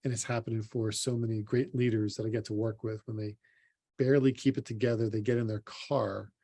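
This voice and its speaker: A sports psychologist with a lowish, dark voice speaks a bit fast in a level tone during an earnest motivational conference talk. He addresses the listener directly as "you," and it was recorded for an online symposium.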